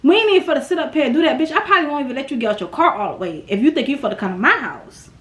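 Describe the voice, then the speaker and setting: A woman's voice: high voice, lively intonation, rapid-fire, fairly bright tone. A young woman telling a storytime tale to her viewers in a blunt, profane, dramatic way. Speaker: storytime vlogger. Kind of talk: casual storytime chat. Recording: roomy echo.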